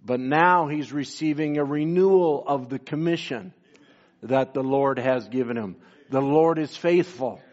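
A man preaching a sermon, pausing often with fillers and reading scripture in old-style wording. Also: mid-range voice, darkish tone, lo-fi sound. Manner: slow, halting delivery with many fillers, reads scripture in King James wording. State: briefly emotional. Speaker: pastor.

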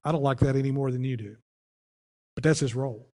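A man preaching as pastor, earnest, often dropping low and quiet to press a point. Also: fast, in a large hall. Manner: earnest preaching, voice drops low and soft on key phrases. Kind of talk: sermon.

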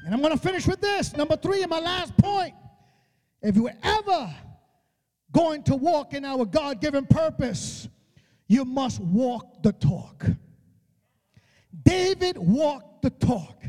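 A man's voice: extremely high pitch, animated, slow, long pauses. A man preaching a sermon with fervent, repetitive exhortation, often adding "uh" before his phrases. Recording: loud music behind the voice.

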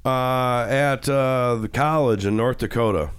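A man's voice: mid-range voice, a little slow, clear, resonant tone. A middle-aged man hosting a radio show, chatting casually and joking in a rambling, self-mocking way. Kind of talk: casual studio banter. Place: radio studio.

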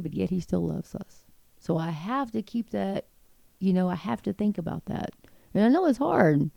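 A woman's voice: medium pitch, creaky, warm tone, dry recording. A middle-aged woman giving impassioned Christian commentary on the news, reading quotes aloud and breaking in with indignant asides.

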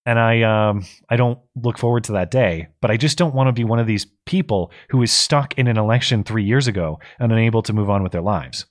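A man's voice: on the low side, brisk, hardly any pauses. A male co-host in casual political talk, tired with his voice going, reading out viewer messages and thinking aloud with restarts.

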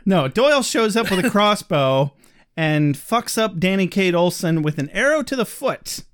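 A man's voice: high-pitched, big pitch swings, normal speed, clear, resonant tone. A man co-hosting a podcast, casually recapping an episode with sardonic, swear-laced remarks. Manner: sardonic, swears casually, reads quotes aloud. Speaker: podcast co-host.

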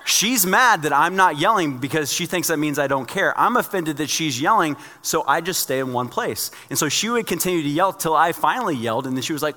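A male pastor delivers a sermon in a bright, forceful voice. He preaches conversationally and drops in joking stories from his own life. His voice rings with the long reverb of a large church sanctuary. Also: on the high side, animated, a little fast, few pauses.

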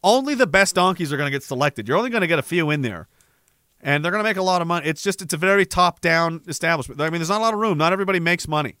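A male streamer reads chat aloud with crude, sarcastic banter. His voice is high and lively, with a dry, close sound and faint music behind. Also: racing, clean tone, no room sound. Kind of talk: casual chat.

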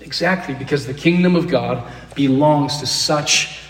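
Guy teaching bible class, voice a bit high, kinda far off in a big echoey room. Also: unhurried. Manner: asks the class questions, repeats key phrases. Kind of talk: interactive Bible lesson. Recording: roomy echo, distant mic.

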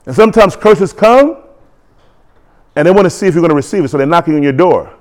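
A man's voice: fairly high pitch, animated, fast talker, darkish tone. A man preaching a sermon in an emphatic call-and-response manner.

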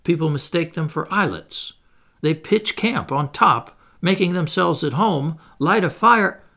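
A man voicing a brash, excitable Canadian harpooner who talks loud and blustering, with a gravelly, lively voice. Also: a little high, a little slow, pitched above the performer's own voice, heavily acted.

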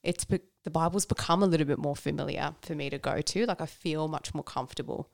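A woman with a low, gravelly voice talks openly in a relaxed chat about her faith, dropping in fillers and laughs as she goes. The sound is dry and close, with no room around it. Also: quick pace, no echo. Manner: candid and reflective, with frequent laughs and fillers. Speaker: guest. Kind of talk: casual conversation about faith.

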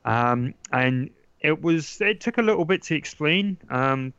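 A man's voice: medium pitch, a little slow, fairly bright tone, clear, resonant tone, no room sound. A man chatting casually about board games, rambling with lots of ums and restarts. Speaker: podcast guest talking board games. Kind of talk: casual chat. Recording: dull lo-fi dry sound.

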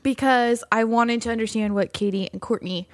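A woman's voice: on the high side, moderate pace, dry recording. A woman co-hosting a podcast, telling stories in a casual chat, laughing often and reading passages aloud. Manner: giggly storyteller, reads aloud and mimics friends. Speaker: podcast co-host.

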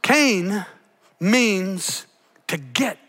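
A man preaching a sermon, swinging from hushed, soft passages to loud, shouted peaks. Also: high voice, animated, very slow. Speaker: pastor.

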